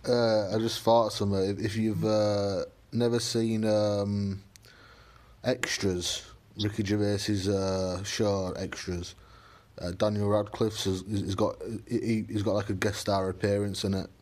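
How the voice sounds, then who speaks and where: Low, flat-voiced man, halting. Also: slight background noise. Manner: halting, many fillers. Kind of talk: casual voice message.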